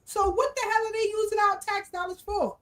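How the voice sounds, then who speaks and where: High-voiced woman livestream host. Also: steady tone, a little fast, fairly bright tone. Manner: repeats greetings in threes, street slang. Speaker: livestream talk show host. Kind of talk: casual livestream chat, shouting out viewers.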